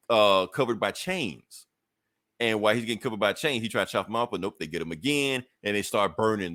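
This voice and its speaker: A man's voice: lowish voice, a bit bright, no room sound, clean studio sound. A man hosting a podcast, casually recapping a comic book in a loose, rambling way with swearing and self-corrections. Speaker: podcast host.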